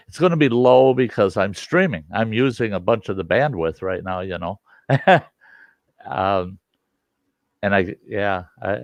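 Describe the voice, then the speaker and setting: Slow, deep-voiced man chatting casually. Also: vocal fry, no echo, dull audio. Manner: rambling, explains tech step by step. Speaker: livestream host. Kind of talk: casual chat.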